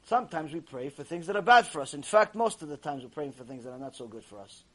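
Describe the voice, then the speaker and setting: A man teaching a Torah class to a live audience, telling stories in an animated way and using many Hebrew terms. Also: a little high, fast talker.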